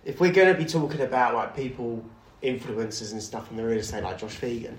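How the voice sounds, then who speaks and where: A man's voice: a little fast, a little hiss or hum. A man co-hosting a casual podcast, sweary and prone to heated rants. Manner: sweary, ranting, swings loud and high when worked up. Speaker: podcast co-host. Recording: echoey room.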